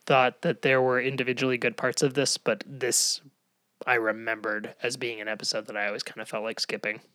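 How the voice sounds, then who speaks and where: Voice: medium pitch, level tone, a little fast, a bit bright, no room sound. A podcast co-host in casual chat, talking chattily and laughing often.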